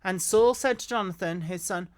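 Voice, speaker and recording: A woman reads a Bible passage aloud at a plain, middle pitch. Her reading is unpolished, with frequent restarts and self-corrections, like a casual daily reading. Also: normal speed, a little mellow. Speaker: scripture reader.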